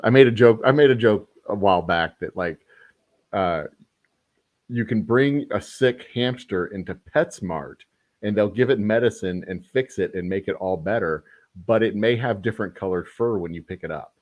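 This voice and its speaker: A man chats casually as a podcast host, his voice sitting a little low. He rambles, jokes and corrects himself as he goes. The sound is dry and close, with no room echo. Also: moderate pace. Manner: rambling, self-correcting, joking. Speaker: podcast host and whiskey maker.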